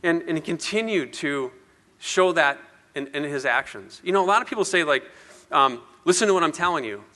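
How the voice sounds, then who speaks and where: A man's voice: fairly high pitch, expressive, a little fast, pushed and bright. Rambling, laughing man speaking in a hall. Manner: rambling, self-deprecating, laughs often. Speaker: speaker at an industry event. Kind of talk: personal speech to an audience.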